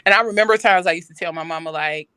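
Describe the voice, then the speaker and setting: A woman guest in casual chat, telling stories in a lively, joking way. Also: on the low side, rapid-fire, smooth, no room sound. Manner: lively, joking, animated storyteller. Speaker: podcast guest.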